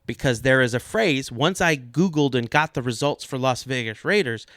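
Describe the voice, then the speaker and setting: A man co-hosting a comedic sports podcast, joking in a deadpan, mock-serious way. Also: medium pitch, moderate pace, no room sound, studio quality. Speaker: podcast co-host.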